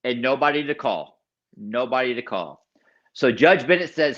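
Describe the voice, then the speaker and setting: A man's voice: mid-range voice, expressive, normal speed, a bit bright, dull audio. A man guest telling his personal recovery story in an interview. He is an emphatic storyteller who repeats key phrases and acts out other people's lines. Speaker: podcast guest.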